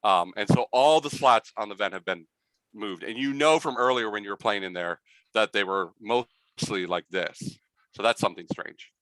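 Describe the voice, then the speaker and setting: A man's voice: lowish voice, moderate pace, fairly bright tone, no room sound, low-quality recording. A man narrating a tabletop game as game master, rambling and full of fillers.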